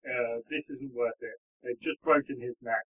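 A man's voice: mid-range voice, fairly even intonation, normal speed, lightly acted. A man voicing an outnumbered henchman who talks in an offhand, resigned way in a tabletop game. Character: outnumbered male henchman giving up. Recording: tinny phone-like line.

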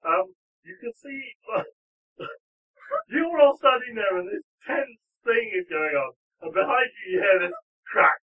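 A man narrating a tabletop game as game master, animated and giggly as he tells the story. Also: sits high, unhurried. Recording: tinny phone-like line.

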